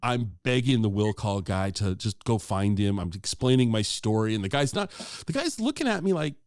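A man's voice: lowish voice, normal speed, dry recording. Middle-aged guy spinning a yarn, voice swoops up and down a lot, dry close sound. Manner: animated, acts out quoted dialogue; conversational, with fillers and restarts. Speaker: guest telling an anecdote. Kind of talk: casual storytelling.

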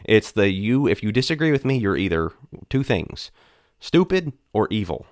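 A man's voice: fairly low pitch, sing-song, moderate pace, no room sound, clean studio sound. A man on a church discussion panel, explaining Bible passages earnestly, with frequent restarts.

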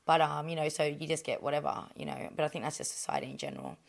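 A woman's voice: low-pitched, sing-song, quick pace, gravelly. An Australian woman, a professional boxer, talking bluntly and rambling, with constant swearing, in an interview. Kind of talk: candid interview chat.

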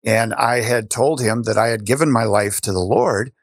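An older man telling his story as an interview guest, animated, with frequent restarts. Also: medium pitch, moderate pace, no room sound, clean studio sound.

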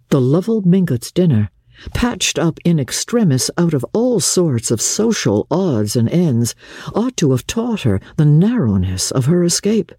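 Expressive woman reading a classic novel. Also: low voice, slightly rough, dry recording, clean studio sound. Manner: expressive and theatrical. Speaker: narrator.

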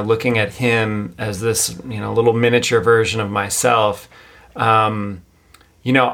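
A man co-hosting a parenting podcast, talking in a relaxed, hesitant way with many fillers. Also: mid-range voice, creaky. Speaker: podcast co-host, father. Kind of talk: casual podcast conversation.

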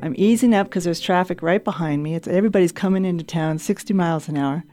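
A woman telling a casual spoken anecdote in a measured, reflective way. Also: on the low side, mellow. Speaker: guest storyteller. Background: music.

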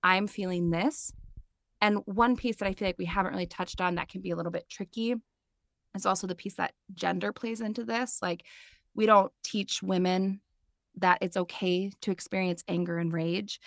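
Chatty woman in her 30s, gravelly voice, says "like" a lot, dry close sound. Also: medium pitch, fairly even intonation, normal speed, no room sound. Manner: chatty, many "like" fillers. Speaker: podcast guest, mindfulness teacher. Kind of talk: casual interview chat.

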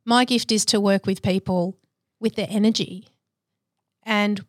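Woman in her 40s, reflective and candid, middle pitch, dry close mic. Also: steady tone, unhurried, dry recording. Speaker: guest. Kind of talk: podcast interview storytelling.

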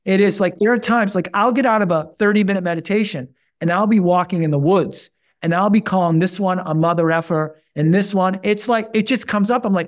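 A man talking as a podcast guest, emphatic and animated, often repeating himself, and his voice jumps up when he tells a story. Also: high-pitched, fairly quick. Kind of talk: conversational interview.

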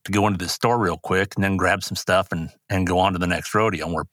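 A man's voice: sits low, steady tone, fast talker, fairly bright tone, no echo, studio quality. Older man telling earnest stories. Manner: earnest, rambling anecdotes with restarts. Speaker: guest, rodeo announcer. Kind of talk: personal storytelling interview.

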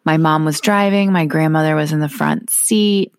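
A woman co-hosting a casual podcast chat, telling stories in an animated, chatty way. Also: deep voice, moderate pace, dry recording, clean studio sound. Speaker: podcast co-host. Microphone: earbuds.

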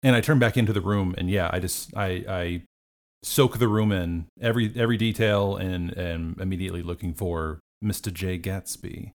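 A man's voice: deep voice, steady tone, moderate pace. A man playing a tabletop role-playing game, chatting casually and thinking aloud about his character. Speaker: player.

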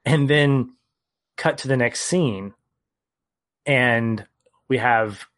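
A man's voice: mid-range voice, very slow, a bit bright. A man co-hosting a casual film podcast, earnestly retelling scenes and his reactions. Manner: earnest, storytelling recap. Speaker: podcast co-host.

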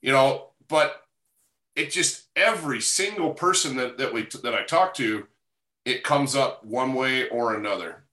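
A man's voice: medium pitch, lively intonation, a little slow, sharp tone. A man in casual conversation, agreeing and reflecting emphatically. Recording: echoey room.

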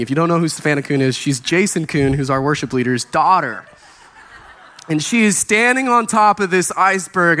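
A young man preaching in an animated storytelling style, his voice high-pitched and bright. He acts out the people in his story and laughs along as he goes. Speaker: youth pastor and guest preacher. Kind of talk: storytelling sermon.

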